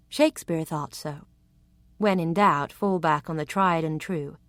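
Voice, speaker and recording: A woman narrating a historical romance audiobook in an expressive, intimate storytelling manner. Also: sits low, moderate pace, dry recording.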